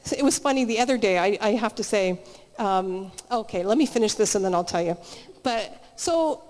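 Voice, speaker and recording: A woman with an expressive, mid-range, slightly mellow voice speaks at normal speed as guest speaker at a live church meeting. Her conversational sermon is full of chatty stories and frequent restarts, and the church hall is reverberant.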